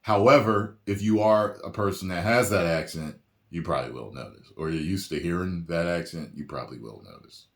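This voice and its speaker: A man with a low voice riffs casually as he reacts to a film from his home setup. He jokes and laughs often, and his talk stays loose and animated. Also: brisk, roomy sound. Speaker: reaction video host. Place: home room with a printer.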